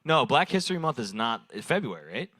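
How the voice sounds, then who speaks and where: Very animated and fairly quick, this young man speaks at a medium pitch with a bright, forceful tone, recorded dry. He rambles loosely through improvised stand-up crowd work at an open mic on a small bar stage, cursing and laughing at his own jokes into a handheld stage mic.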